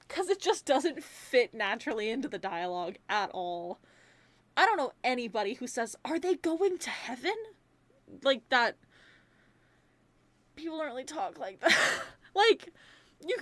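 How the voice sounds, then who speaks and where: A young woman giving a casual movie review, animated and rambling, swearing freely as she rants. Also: a little high, no echo. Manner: rambling, many fillers.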